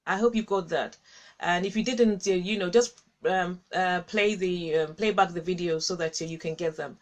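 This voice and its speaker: A woman's voice: lowish voice, fairly even intonation, moderate pace. A woman hosting a casual Christian livestream, chatting with viewers, reading their comments aloud and laughing often. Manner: warm, chatty, laughs often, repeats herself. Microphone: webcam or phone with a cable.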